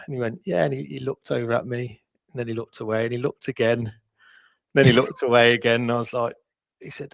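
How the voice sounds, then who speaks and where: A man's voice: medium pitch, steady tone, fairly quick, vocal fry, no room sound. A man co-hosting a football podcast, telling stories in a rambling, self-deprecating way. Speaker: podcast co-host. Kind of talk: casual chat.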